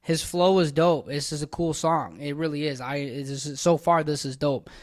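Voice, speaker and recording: An American man with a voice on the high side hosts a reaction video at a moderate pace. His casual commentary is blunt and opinionated, rambling with frequent restarts.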